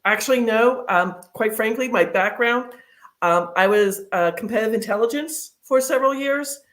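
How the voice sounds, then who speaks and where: A woman's voice: fairly high pitch, normal speed, a bit bright. A woman guest in a casual interview, telling chatty stories with plenty of fillers. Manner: chatty storyteller, many fillers.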